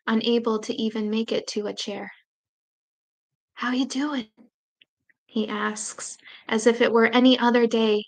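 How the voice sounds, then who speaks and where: A woman poet reading her own memoir poems aloud in a slow, measured, grave way with long pauses. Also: on the high side.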